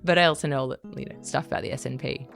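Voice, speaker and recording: A woman with an Australian accent talks things through casually, pausing on fillers and restarting her thoughts. Her voice sits low and has a gravelly edge. Faint music hums underneath. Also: fairly bright tone. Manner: conversational, hesitant, many fillers and restarts, laughs often. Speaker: writer. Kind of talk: reflective casual interview talk. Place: living in Scotland.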